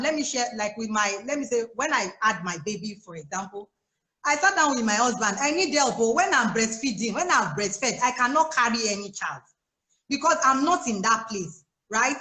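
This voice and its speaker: A Nigerian woman with a fairly high pitch speaks at normal speed over a phone or laptop on a roomy-sounding video call. As a guest life coach for mothers, she gives casual advice on a live chat, animated and chatty with frequent laughs and asides.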